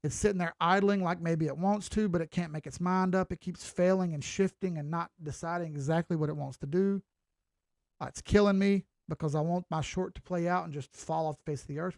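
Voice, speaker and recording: Chatty Southern man with a gravelly voice. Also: a little high, brisk, darkish tone, no room sound, studio quality. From Southern United States. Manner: folksy, chatty, mild swearing. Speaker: crypto chart analyst. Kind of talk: casual market commentary.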